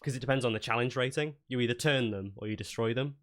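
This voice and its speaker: A man's voice: medium pitch, fast talker. A man narrating a tabletop game as game master in a loose, casual way with many fillers.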